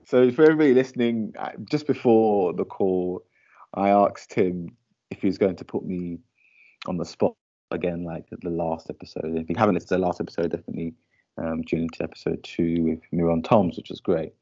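A man with a very low voice chats casually as a podcast co-host. He laughs easily and fills his talk with ums and you-knows. The audio is dull and lo-fi, like a call recording. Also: steady tone, fairly quick, dark tone. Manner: chatty, laughs easily, frequent fillers. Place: lives in Shanghai.

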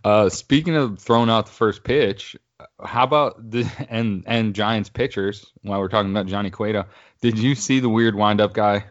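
Thirty-something guy, fairly low voice, rambling and cursing on a dull lo-fi podcast recording. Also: normal speed, no room sound. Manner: rambling, profane, laughs often. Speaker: podcast co-host. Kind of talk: casual chat. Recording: dull lo-fi audio.

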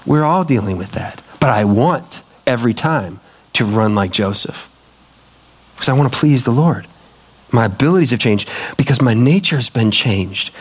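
A pastor preaching a sermon, emphatic and repetitive, putting questions to his congregation. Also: a little high.

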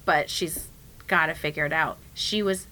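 A woman's voice: low-pitched, moderate pace, bright, forceful tone. A young woman chatting casually as a podcast co-host, telling a story animatedly and acting out her own whispered and spoken quotes. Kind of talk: casual chat.

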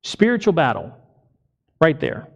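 A man's voice: on the high side, wildly swooping pitch, measured pace, muffled recording. A male pastor delivering a sermon to his congregation, emphatic and full of rhetorical questions. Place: church congregation.

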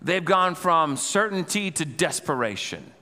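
A male pastor preaching a sermon, telling a scripture story with animated, dramatized retelling. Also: fairly high pitch, measured pace. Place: church sanctuary. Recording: long reverb in a church hall.

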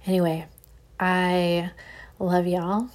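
A woman, hosting a casual solo podcast in a chatty, animated way with Valley Girl-ish phrasing. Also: lowish voice, extremely slow. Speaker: podcast host.

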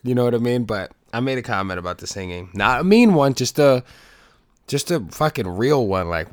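Loud, swearing young man podcaster. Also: on the low side, expressive, brisk, dry recording, clean studio sound. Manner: loose, swears a lot, rambling with many restarts; loud, can't whisper. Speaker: podcast host. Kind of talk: casual chat.

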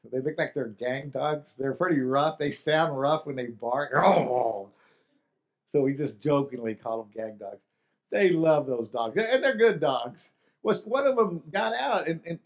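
A man preaching a sermon in an earnest way, often restarting phrases and asking the listeners rhetorical questions. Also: a little high. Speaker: pastor.

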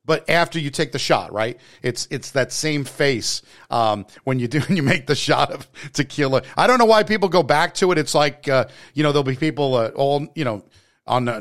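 A man's voice: mid-range voice, moderate pace, a bit bright. Rambling New Jersey man chatting. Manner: rambling, many restarts and fillers. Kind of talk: casual chat.

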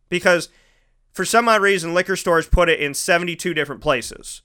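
Bright, clear-voiced male show host. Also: sits high, quick pace. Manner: animated storytelling, acts out quoted voices. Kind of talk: casual monologue. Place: studio.

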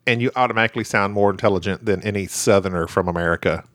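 A man's voice: on the low side, racing, fairly bright tone, dry recording, clean studio sound. A man with a Southern US accent co-hosting a casual chat, rambling and laughing often. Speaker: podcast co-host.

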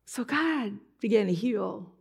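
A woman preaching in church with a gravelly, creaky edge to her voice. She talks casually and personally, moving from easy chat into tearful emotion as she tells her story. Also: medium pitch, expressive, slow pace, darkish tone. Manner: conversational, emotional, breaks into tears while retelling.

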